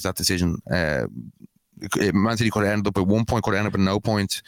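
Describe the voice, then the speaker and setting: A man's voice: fairly low pitch, clear, resonant tone, no echo, clean studio sound. A man co-hosting a podcast, arguing in a rambling way with many restarts. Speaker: podcast co-host. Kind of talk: heated casual banter.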